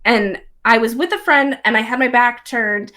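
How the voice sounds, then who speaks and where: A bubbly young woman talks in a casual chat, her voice sitting a little high. She fills her talk with little fillers and breaks into laughter often. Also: moderate pace, pushed and bright. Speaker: guest. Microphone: streamed live remote talk.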